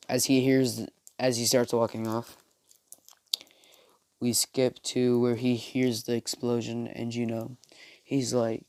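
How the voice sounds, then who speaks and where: A man's voice: medium pitch, completely flat delivery, measured pace, darkish tone, smooth, dry recording, studio quality. A man telling a fan story casually, rambling with fillers and correcting himself.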